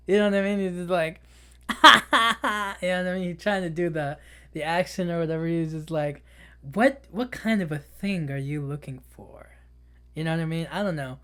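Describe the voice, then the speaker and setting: A man's voice: a little high, a bit bright. A man hosting a podcast, casually retelling a film in a rambling way, full of filler words, with frequent laughs. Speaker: podcast host. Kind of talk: casual movie recap.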